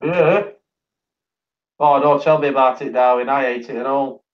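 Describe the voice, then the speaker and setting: A man's voice: mid-range voice, steady tone, normal speed, muffled recording. A man from Sheffield with a Yorkshire accent, hosting a casual livestream, chatting and reading out viewer comments, tired. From Sheffield, England. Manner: chatty, reads out viewer comments, laughs often. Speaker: livestream host.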